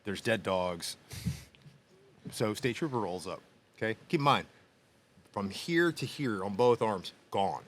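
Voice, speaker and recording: A middle-aged man co-hosting a podcast, telling a story in a lively, animated way, acting out other people's voices and laughing often. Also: on the low side, unhurried, pauses often, slight background noise. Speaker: podcast co-host. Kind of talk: casual storytelling chat. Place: small machine shop studio.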